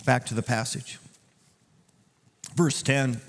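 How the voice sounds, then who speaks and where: A man preaching a conversational sermon as a pastor, dropping to a hushed, gentle tone and then rising into loud, urgent appeals. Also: mid-range voice, moderate pace, big-room sound. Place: church auditorium.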